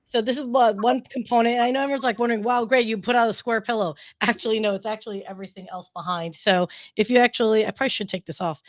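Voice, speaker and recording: A woman's voice: fairly high pitch, fairly even intonation, quick pace, few pauses, no room sound. A woman co-hosting and producing a show, chatting casually on a video call, bubbly and rambling with enthusiasm. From Southern Oklahoma. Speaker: co-host and producer. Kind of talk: casual chat.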